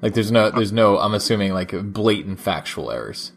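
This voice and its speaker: A man's voice: lowish voice, big pitch swings, normal speed. A man co-hosting a casual podcast, joking and asking questions with lots of "like". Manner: joking, questioning, many "like" fillers. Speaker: podcast co-host. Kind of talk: casual chat.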